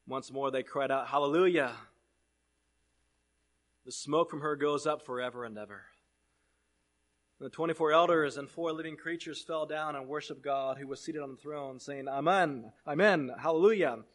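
A man preaching a sermon, reading scripture aloud and swinging between loud proclamation and hushed asides. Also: a little high, moderate pace.

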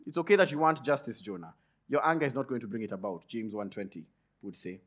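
A male pastor preaching a sermon, swinging from loud emphatic peaks to low quiet asides and acting out quick grumbling lines. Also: animated. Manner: acts out Jonah's grumbling thoughts in quick asides.

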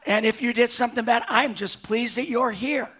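An older man, a pastor delivering a sermon to a live congregation, moving between quiet, slowed passages and loud, urgent appeals. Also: very high voice. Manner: swings from hushed to loud and urgent.

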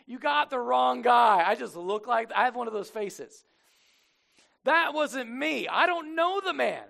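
A man's voice: very high-pitched, lively intonation, drawn-out words, vocal fry, pauses often, a little mellow, voice pushed up, exaggerated voice. A man putting on a brash male disciple who swears loyalty and then blusters through denials in a sermon retelling. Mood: panicked.

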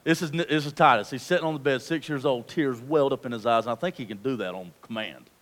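A man in his thirties preaching a sermon, telling a family story and building to loud, fervent preaching. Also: medium pitch, quick pace. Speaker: pastor. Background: guitar music.

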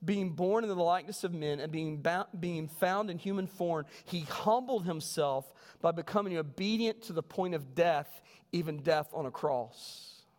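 A man, a pastor, preaching a sermon with animated storytelling. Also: on the high side, normal speed. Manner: animated storytelling, voices quoted people. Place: church sanctuary. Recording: long reverb of a church hall.

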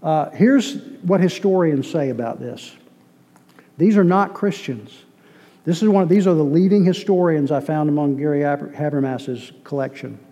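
A man's voice: on the high side, moderate pace, warm tone. Echoing man teaching a sermon. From Boston. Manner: conversational, repeats words, quizzes the audience. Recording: long hall reverb.

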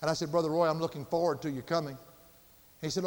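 A man preaching a sermon, earnest, slowing down and building for emphasis. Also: a little high. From Southern United States. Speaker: pastor. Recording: reverberant church hall.

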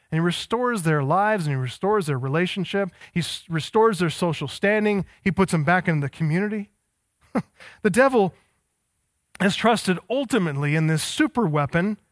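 A man with a fairly high voice delivers a sermon as pastor, driving his points home with emphatic, stacked phrases. The sound is close and dry, with little room echo. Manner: emphatic, building intensity with repeated phrases. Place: church.

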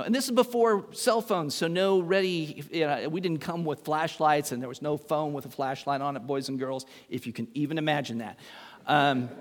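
A middle-aged man preaching a sermon as pastor, telling a story with humor and acting out voices. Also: a little high. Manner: animated, acts out voices in his story, self-mocking humor. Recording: long hall reverb.

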